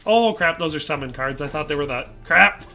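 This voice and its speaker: Man, Midwestern American accent, middle-aged, streamer, casual gameplay chat, brightish voice, faint music behind. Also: a little high, expressive, fast. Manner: chatty, reads chat aloud, frequent fillers. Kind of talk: casual live gameplay commentary.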